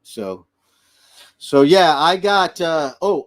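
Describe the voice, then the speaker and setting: A middle-aged grandfather co-hosting a casual livestream chat, telling animated family stories and acting out voices. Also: fairly high pitch, normal speed. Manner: animated storyteller who acts out voices. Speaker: livestream co-host.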